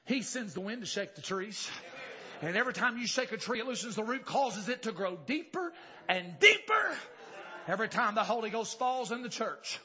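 A man preaching a revival sermon, telling a story and rising to shouted exclamations. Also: high voice, big pitch swings, moderate pace, dull audio.

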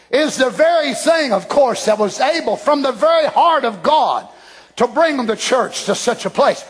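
An older man preaches with real fire. His voice sits unusually high for a man, especially when he climbs into a shout. Between those peaks he drops to quiet, near-murmured asides. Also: big pitch swings, measured pace. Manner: fervent, swings from hushed asides to shouted declarations. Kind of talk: Pentecostal-style sermon.

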